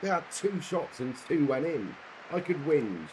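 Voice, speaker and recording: A man's voice: a little high, big pitch swings, unhurried, a little mellow, a little hiss or hum. A man streaming a football management game, giving casual live commentary and cheering and groaning at the screen.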